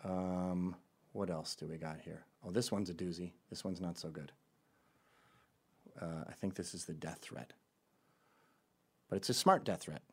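A man's voice: low voice, measured pace, pauses often, slightly rough. A male host giving sarcastic, mocking commentary on voicemails he plays.

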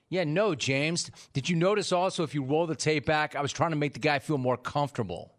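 Animated man hosting a radio talk show. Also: fairly high pitch, fairly quick, hardly any pauses. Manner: teasing, exasperated, ribbing his producer. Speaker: sports radio host.

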